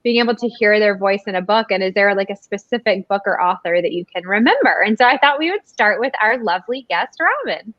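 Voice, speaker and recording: A woman's voice: mid-range voice, lively intonation, a little fast, few pauses, dry recording, lo-fi sound. A woman with a Southern accent hosting a casual chat, upbeat as she asks questions and hands the turn to each guest. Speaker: host. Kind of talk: casual chat on a video call.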